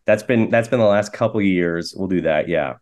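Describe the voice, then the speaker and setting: Canadian guy in his 40s telling rambly self-deprecating jokes, lowish voice. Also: brisk, darkish tone. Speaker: guest, actor and comedian. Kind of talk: casual interview chat.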